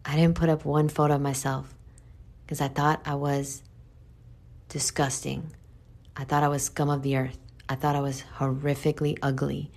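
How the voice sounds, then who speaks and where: Woman, New York accent, low-pitched, blunt, swears often, candid monologue. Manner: blunt and profane, addresses listeners as boo.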